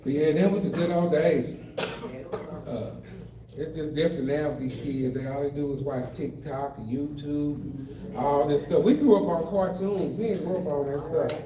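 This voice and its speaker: A warm, slightly high male voice at normal speed belongs to an older man doing stand-up indoors at an adult day center. Before a live audience, he tells family stories and plays both the kids and himself. Captured from afar by the mic, the roomy live room carries the crowd's laughter.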